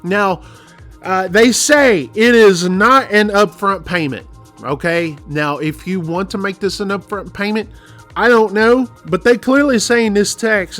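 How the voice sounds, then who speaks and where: A man in his forties with a fairly high voice warns his fellow drivers in a casual, emphatic rant. He rambles and circles back over the same points, and faint music plays behind him. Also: measured pace, fairly bright tone. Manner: emphatic, rambling, repeats himself. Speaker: truck driver and channel host. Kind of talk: casual warning rant to camera.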